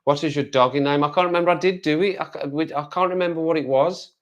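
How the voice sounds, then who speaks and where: This is a fast-talking man with a fairly high pitch, a West Midlands livestreamer whose Black Country accent comes through as he chats and rambles in reply to comments from viewers.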